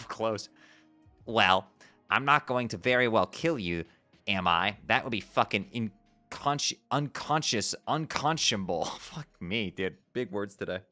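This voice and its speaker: A man's voice: fairly low pitch, bright, forceful tone. A man streaming himself as he reads a webcomic aloud, tripping over strange words, swearing casually and breaking off to laugh and comment.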